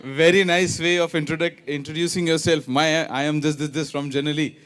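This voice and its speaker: A man's voice: a little high, fairly even intonation, fairly quick, a bit bright, clear, resonant tone. A man hosting a ceremony, playful and teasing as he quizzes teachers with tongue twisters. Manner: playful, switches between English and Hindi. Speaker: event host. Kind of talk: lively emcee hosting a quiz game. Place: large hall at a ceremony.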